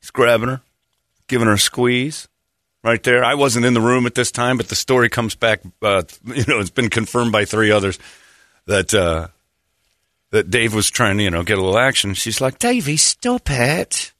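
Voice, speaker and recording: A man's voice: on the low side, fairly even intonation, moderate pace, a bit bright, no room sound, clean studio sound. A man hosting a podcast, telling rambling comedic stories with frequent laughs and asides. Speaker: podcast host. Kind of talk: casual comedic storytelling.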